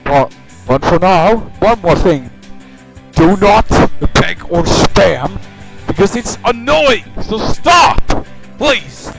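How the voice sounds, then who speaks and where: A man commentating a reaction livestream, excitable, yelling reactions and tripping over his words. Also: high-pitched, slow, gravelly, poor audio. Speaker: streamer. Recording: loud music under the voice. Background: music from the clips he plays.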